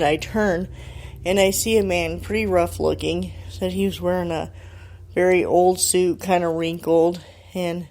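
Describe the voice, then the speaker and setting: Host type, woman, lowish voice, chatty storyteller who keeps quoting the caller. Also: darkish tone. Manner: chatty, quotes the caller line by line. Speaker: radio show host. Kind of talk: retelling a listener's ghost story.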